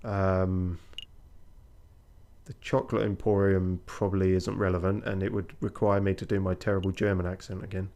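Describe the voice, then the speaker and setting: A man's voice: low-pitched, little pitch movement, normal speed, dark tone. A man giving casual, wry, self-mocking commentary while streaming a video game.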